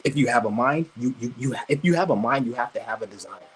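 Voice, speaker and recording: A man's voice: medium pitch, lively intonation, quick pace, slightly rough, poor audio. A man streaming live, ranting crudely and combatively, stumbling over repeated restarts. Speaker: livestreamer. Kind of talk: angry livestream rant.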